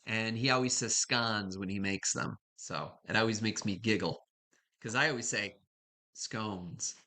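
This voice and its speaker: Bright-voiced chatty woman host. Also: extremely low pitch, normal speed. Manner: chatty, rambling, greets viewers by name. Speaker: live stream host. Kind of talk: casual chat with live viewers. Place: home kitchen.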